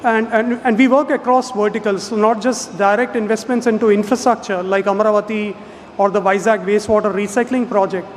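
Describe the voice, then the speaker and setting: A man giving a measured conference speech as a development finance official, pausing often with fillers. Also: high voice, steady tone, a little hiss or hum. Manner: measured, frequent uh fillers and restarts. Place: large conference hall. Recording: reverberant hall with faint background ambience.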